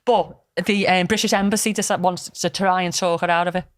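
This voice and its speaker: A woman's voice: on the low side, fairly even intonation, brisk, dry recording. A woman, chatting casually as a podcast host and retelling a film plot with plenty of swearing. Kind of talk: casual storytelling chat. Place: podcast studio.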